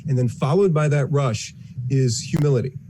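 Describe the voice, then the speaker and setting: A man's voice: medium pitch, moderate pace, warm tone, slight background noise. A man in an interview, talking about engineering and the future with earnest enthusiasm. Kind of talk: interview answers.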